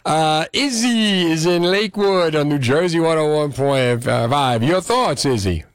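A man hosting a radio call-in show, brisk and joking, tossing in quick interjections. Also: on the high side, lively intonation, smooth, dry recording, clean studio sound. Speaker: radio talk show host.

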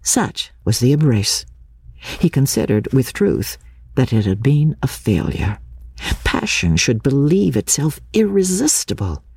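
A woman reading a classic novel aloud as an audiobook, measured and expressive, giving the characters distinct voices. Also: extremely low pitch, vocal fry, slightly rough, no room sound. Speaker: audiobook reader. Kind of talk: literary audiobook narration.

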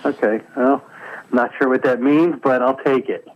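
A man's voice: mid-range voice, steady tone, moderate pace. A man calling in to an outdoors radio show, chatting with dry, wry humor. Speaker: caller, pro staff hunter. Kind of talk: casual radio phone-in chat. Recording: dull lo-fi phone line.

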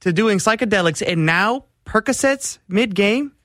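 A man's voice: high voice, animated, moderate pace, a bit bright, dry recording, studio quality. A man co-hosting a sports radio show, airing heated, exasperated opinions. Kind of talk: casual sports talk.

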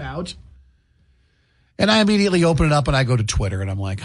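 Talking fast in a sing-song, somewhat high voice with long pauses, this morning radio host cheerfully chats about his family and makes announcements. He uses a studio mic in a dry booth, so there's no room sound.

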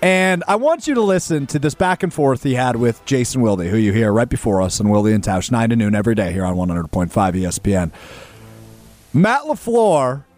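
A man's voice: lowish voice, fast talker, hardly any pauses, darkish tone, faint music behind. A man hosting a sports radio show, talking in an emphatic, opinionated and conversational way.

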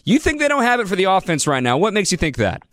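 A man's voice: sits high, fast, dry recording. A man hosting a sports talk radio show, talking energetically and taking calls in a studio. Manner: energetic, conversational, reads out phone numbers. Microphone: studio microphone.

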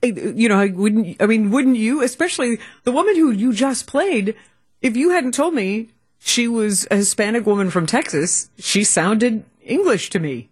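A woman's voice: on the high side, expressive, normal speed, breathy edge. A woman co-hosting a radio talk show, chatting casually and animatedly with many restarts. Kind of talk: casual chat.

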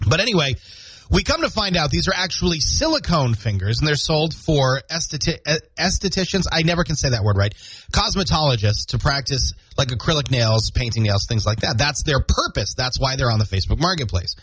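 A man's voice: mid-range voice, a little fast, husky, no room sound. A man hosting a morning radio show, chatting casually and jokingly between weather, ads and funny posts from a small studio. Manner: chatty, jokey, animated delivery.

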